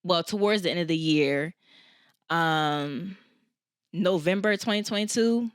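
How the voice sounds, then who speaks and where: A woman's voice: on the low side, a little slow, smooth, dry recording, studio quality. A woman in her twenties from Philadelphia hosting a podcast, telling a personal story candidly and holding back tears. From Philadelphia, USA. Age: 20s. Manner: candid, emotional, addresses listeners as y'all. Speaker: podcast host.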